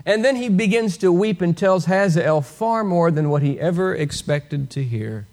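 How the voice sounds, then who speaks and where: A man preaching an expository sermon, animated and full of rhetorical questions, chuckling now and then as he teaches. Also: sits high, normal speed.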